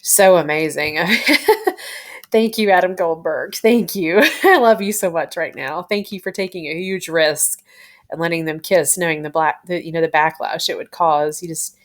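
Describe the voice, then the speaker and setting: A woman's voice: deep voice, normal speed. A woman reviewing a TV episode in a casual, gushing way, full of fillers and retold scenes. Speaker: TV show reviewer.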